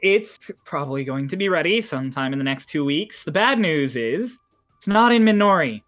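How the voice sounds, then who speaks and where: A woman voicing Lorelei, a brisk young woman sailor in a tabletop game, chipper and clipped. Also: deep voice, animated, soft background music. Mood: matter-of-fact.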